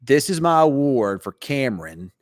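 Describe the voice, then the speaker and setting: A man's voice: medium pitch, sing-song, moderate pace, a little hiss or hum. A man hosting a weather show, chatting casually in a rambling, teasing way. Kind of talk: casual late-night live chat.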